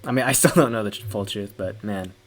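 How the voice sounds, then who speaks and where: A man's voice: fairly low pitch, fast talker, soft background music. A man giving casual let's-play commentary, thinking aloud in a rambling, hesitant way with many fillers. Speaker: gaming video creator.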